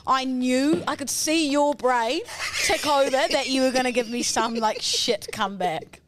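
A woman's voice: high-pitched, a little slow, noisy background. A young woman co-hosting a podcast, trading blunt, teasing banter full of swearing. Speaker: podcast co-host. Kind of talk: casual chat.

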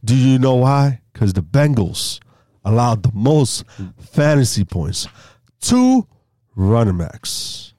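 A man's voice: unhurried, dry recording, clean studio sound. A man co-hosting a fantasy football podcast, leading the segments in casual chat, often stumbling and restarting his sentences. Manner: leads the segments, stumbles and restarts, lively pitch swings.

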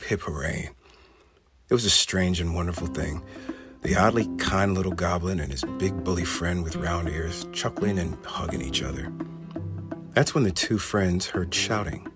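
A man narrating a children's storybook in a gentle, measured way. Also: low-pitched, husky, soft background music.

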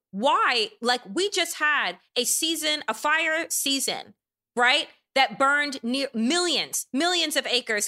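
A woman's voice: high-pitched, sharp tone. A woman hosting a political podcast, talking indignantly and emphatically, with profanity. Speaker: podcast host. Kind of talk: heated political podcast discussion.

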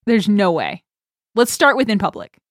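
A woman's voice: medium pitch, moderate pace, no echo, studio quality. A woman co-hosting a podcast in casual chat, rambling and often laughing. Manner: giggly, rambling, lively. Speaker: podcast co-host.

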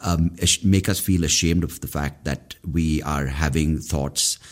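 Very deep-voiced man ranting. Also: fairly even intonation, measured pace. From India. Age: 30s. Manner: profane, exasperated, ranting. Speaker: podcast host. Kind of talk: solo podcast rant.

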